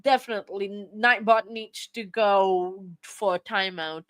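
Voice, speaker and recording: A woman's voice: mid-range voice, fairly even intonation, unhurried, no echo. A woman hosting a live stream in casual chat, flustered and apologetic as she reads and answers viewer chat. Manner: flustered and apologetic, many fillers.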